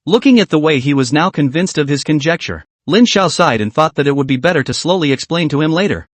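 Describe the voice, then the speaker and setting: Casting: male recap narrator, slightly higher voice, steady scripted reading, dry booth sound. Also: fast, no echo. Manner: reads every part in one even narrating voice.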